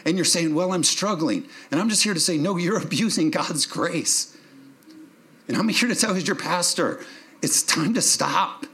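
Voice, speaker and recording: A man's voice: on the high side, lively intonation, moderate pace, a bit bright. A man, a pastor preaching a sermon to his church, moving from verse reading to emphatic, joking calls to the congregation.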